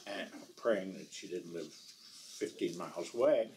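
A man's voice: low-pitched, unhurried, a little mellow, a little hiss or hum, rough recording. A man from the American South, an author giving a library talk, telling self-deprecating anecdotes and slipping in French phrases. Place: library event room.

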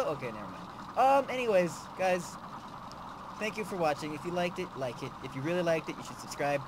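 A young man giving playthrough commentary on a puzzle game, excitable and often yelling at the screen. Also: on the high side, fast, background noise. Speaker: gamer. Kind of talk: let's play commentary. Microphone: desk mic with facecam.

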